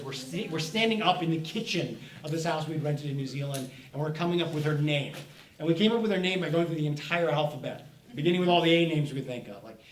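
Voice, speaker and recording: A middle-aged man, an author, giving a playful, storytelling presentation to children at a festival. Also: a little high. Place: festival event room. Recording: echoey room, speaker far from mic, faint noise.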